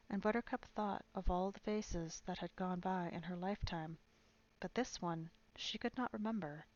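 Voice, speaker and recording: A woman's voice: lowish voice, muffled recording. A woman narrating a novel aloud in a live stream reading. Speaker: storyteller.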